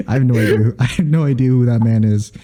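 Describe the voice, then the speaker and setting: Deadpan man with a very dark, mellow voice. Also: medium pitch. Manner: deadpan, sarcastic joker. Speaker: podcast co-host. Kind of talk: casual podcast chat.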